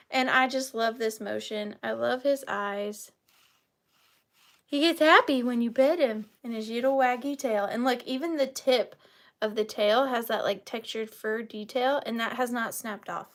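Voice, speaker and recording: High-pitched young woman, chatty and upbeat, doing a live sale stream. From United States. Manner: chatty, enthusiastic, counts down bids. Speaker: online vintage seller. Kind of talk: live sale vlog chat.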